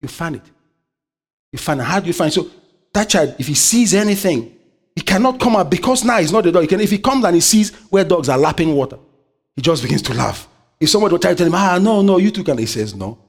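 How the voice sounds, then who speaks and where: A man preaching a sermon in a strikingly high, lively voice. He throws questions at the congregation and keeps swinging between loud urging and low, quiet asides. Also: quick pace. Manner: call-and-response, asks the congregation "what?".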